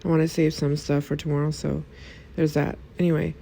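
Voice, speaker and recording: A woman vlogging, telling a personal story to her viewers in an indignant, animated way with quick asides. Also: low-pitched, vocal fry, slight background noise. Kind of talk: casual storytelling to camera.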